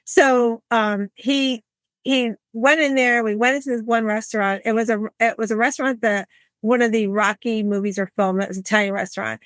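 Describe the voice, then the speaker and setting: A woman in her sixties talks with a slightly high voice, recorded close and dry with no room sound. She hosts a podcast conversation, telling lively personal stories and slipping into the voices of the people she quotes. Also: moderate pace, no room sound. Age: 60s. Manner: animated, acts out quoted voices. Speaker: podcast host. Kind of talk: conversational storytelling.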